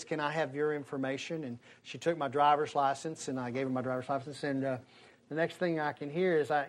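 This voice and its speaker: Man, storyteller, somewhat high voice, lively delivery with voices for each character. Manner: animated, acts out the people in his story. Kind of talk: telling a personal story to an audience.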